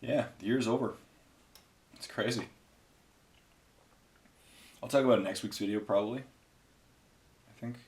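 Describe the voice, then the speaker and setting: Man, fairly low voice, casual rambling chat, painting tutorial host, lots of ums. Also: normal speed, long pauses, darkish tone. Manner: rambling, chatty, many fillers. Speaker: hobby painting video host.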